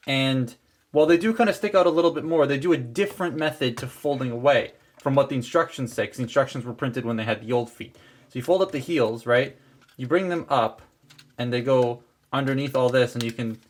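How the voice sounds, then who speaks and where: A man hosting a casual toy review, chatting his way through each step as he handles the figure. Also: mid-range voice.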